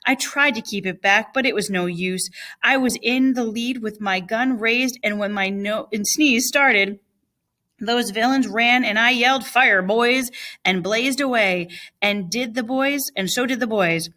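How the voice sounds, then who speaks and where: A woman's voice: fairly high pitch, unhurried, bright, forceful tone. A woman reading aloud and voicing a kind, protective old Welshman in a storybook. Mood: reassuring.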